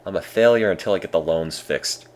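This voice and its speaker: A man streaming a game with casual, deadpan, self-mocking commentary. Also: low-pitched, fairly quick.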